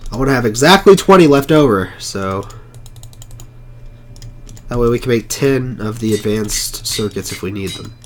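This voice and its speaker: A hoarse man with a sore, rough throat, muttering casual commentary while he plays a game live. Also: mid-range voice, expressive, normal speed, pauses often, a little hiss or hum. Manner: mutters to himself while playing, frequent swearing. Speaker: game streamer.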